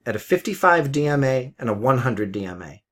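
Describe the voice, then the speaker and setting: Brief: middle-aged male forex mentor, blunt and profane, live market commentary, chatty with laughs, pitch rises and falls a lot. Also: big pitch swings, brisk, fairly bright tone. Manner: blunt, swears, repeats himself; chatty, laughs at his own jokes.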